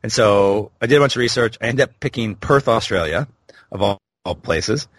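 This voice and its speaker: A man's voice: lowish voice, expressive, moderate pace, a bit bright, no room sound. Candid man in his thirties telling his story. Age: 30s. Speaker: guest. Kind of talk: storytelling interview.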